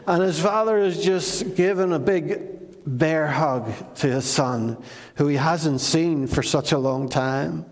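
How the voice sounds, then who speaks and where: A man preaching a sermon, retelling a story in an animated, conversational way. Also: on the high side. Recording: long reverb of a large hall.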